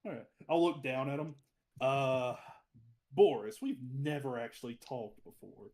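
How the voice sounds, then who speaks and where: A man's voice: mid-range voice, lively intonation, unhurried, a little mellow. A man playing a tabletop game over a video call, talking in character in a rambling, hesitant way. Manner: rambling, hesitant, with many fillers. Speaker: player.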